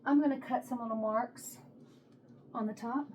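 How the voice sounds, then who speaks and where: A woman's voice: on the high side, steady tone, moderate pace, darkish tone, slight background noise. A woman with a Texas accent chatting casually while she cooks at home, thinking aloud as she works, recorded on a phone set on a tripod. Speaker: home cook vlogger. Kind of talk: casual cooking vlog chat. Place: home kitchen.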